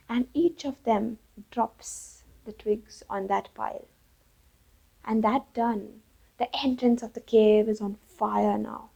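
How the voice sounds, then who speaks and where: Woman storyteller, lively fable telling, husky, gravelly, warm tone. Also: fairly high pitch, lo-fi sound. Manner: lively, changes voice for each character. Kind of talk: storytelling for children.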